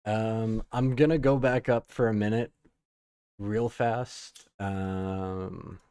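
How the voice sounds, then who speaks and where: A man's voice: on the low side, fairly even intonation, slow pace, mellow, clear, resonant tone, no echo. A man hosting a podcast live on stream, chatting loosely and swearing as he reads chat aloud. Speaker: podcast host.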